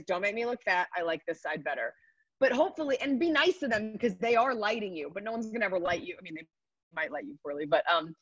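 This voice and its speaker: A woman in her thirties, a comedian, chatting upbeat and quick in an interview over a video call. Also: medium pitch, no room sound. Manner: chatty, upbeat, rapid asides. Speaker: comedian guest. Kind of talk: casual interview answers. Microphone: computer mic on a video call. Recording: dry, dull video call audio.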